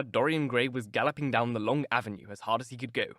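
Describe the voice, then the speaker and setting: A man reading a classic novel aloud in measured, expressive scripted narration on a close mic. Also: mid-range voice, no room sound. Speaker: audiobook narrator.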